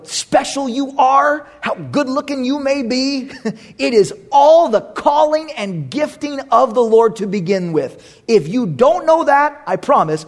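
In a very high-pitched voice, this male pastor recounts a personal story in his sermon with lots of animation. He moves between loud exclamations and quiet asides, laughing frequently.

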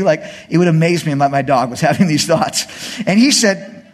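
A man preaching a sermon, retelling a scripture story as an animated, joking storyteller. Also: high-pitched, fairly quick. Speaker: pastor.

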